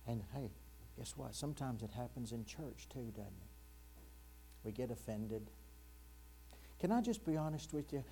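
A man preaching a sermon as pastor, earnest and direct with his congregation, dropping to a hushed, slow near-whisper when he quotes scripture. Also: medium pitch, expressive, vocal fry. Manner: addresses congregation directly with questions. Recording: mains hum in the background.

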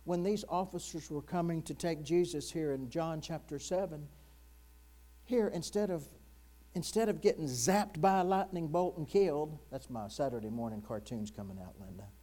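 An earnest male pastor delivers a sermon with a mellow, warm tone, questioning his congregation directly. When he quotes verses he slows and sinks into a hushed near-whisper. A low mains hum runs under the recording.

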